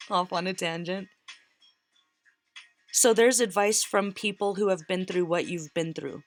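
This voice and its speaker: Woman, tarot reader, earnest, close to tears, a little low, faint music behind. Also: a little slow, long pauses. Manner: earnest, emotional, repeats phrases for emphasis. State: near tears. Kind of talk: tarot reading.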